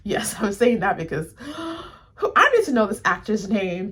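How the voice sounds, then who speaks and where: A woman chatting to the camera as she reviews a show, animated and talking straight to her viewers. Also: medium pitch, drawn-out words, pauses often, husky. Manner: animated, addresses viewers as y'all, many fillers. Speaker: YouTube reviewer. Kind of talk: casual review chat to camera.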